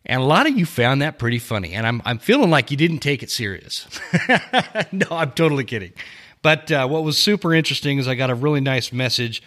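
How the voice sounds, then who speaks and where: A man hosting his own podcast in casual chat, rambling along with lots of fillers and quick self-corrections from a small home studio. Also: mid-range voice, sing-song, fairly bright tone. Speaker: podcast host.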